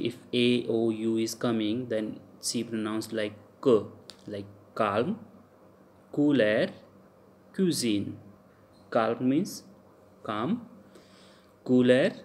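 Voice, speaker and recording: Slow, halting man with an Indian accent. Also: mid-range voice, a little mellow. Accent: Indian English. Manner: halting, many uh fillers, repeats example words slowly. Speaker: French lecturer. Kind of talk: classroom pronunciation lecture.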